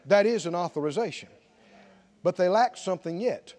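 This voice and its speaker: A man preaching a sermon as pastor in a church, emphatic and full of rhetorical questions and sudden loud bursts. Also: sits high, lively intonation, normal speed.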